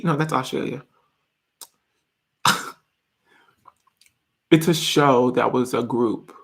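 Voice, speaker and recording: A man's voice: on the high side, lively intonation, unhurried, pauses often, a bit bright. A man in his twenties chatting casually on a live stream, reading viewer comments in a giggly, rambling way. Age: 20s.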